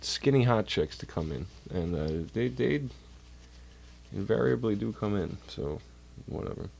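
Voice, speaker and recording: A man's voice: fairly low pitch, animated, measured pace, gravelly, a little mellow. A man chatting casually on a livestream from home, rambling and swearing while doing chores. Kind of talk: casual rambling stream chat. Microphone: computer mic while streaming.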